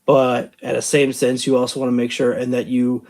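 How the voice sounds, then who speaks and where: A man's voice: mid-range voice, completely flat delivery, moderate pace, darkish tone. A tired man hosting a casual show review, rambling and thinking aloud with many fillers. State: tired from the late hour. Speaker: wrestling channel host.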